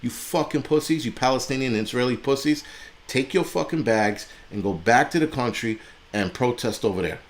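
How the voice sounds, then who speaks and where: A man rants on his livestream, blunt and furious, swearing in nearly every line. His voice sits at an ordinary middle pitch, and he talks straight to his viewers. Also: fairly quick. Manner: angry, blunt and heavily profane, mocking voices in quotes. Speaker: livestream host. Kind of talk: profane political rant on a livestream.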